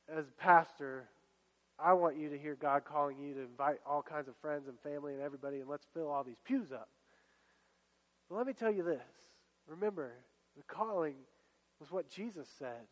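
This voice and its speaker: A pastor preaching a sermon to his congregation in a fairly high voice. He speaks in an exhorting way and circles back to repeat his key phrases. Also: long reverb tail, low-quality recording. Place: church.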